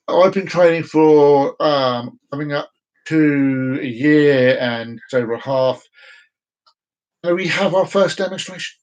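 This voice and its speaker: A man's voice: medium pitch, a little mellow, highs cut off. A man talking casually to camera on a live stream, rambling and repeating himself, sometimes slipping into silly voices. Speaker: vlogger doing a live stream.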